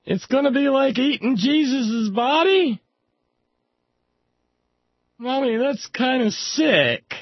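A man voicing a fretful little child who whines tearfully in a very high voice. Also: expressive, slow pace, pauses often, slightly rough, no room sound, full character voice. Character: whiny small child, squeaky and fretful. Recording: slightly dull lo-fi sound.

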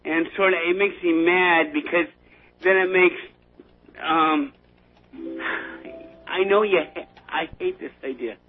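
A man's voice: high-pitched, faint music behind. Man talking over a tinny phone line. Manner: rambling, halting, emotional, prone to nervous laughter. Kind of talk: casual political chat.

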